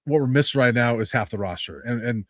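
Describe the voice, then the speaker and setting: Measured male beat writer, dry sound. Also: medium pitch, no echo. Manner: measured, explanatory, many fillers. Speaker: college football beat writer, guest. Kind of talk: sports analysis, casual.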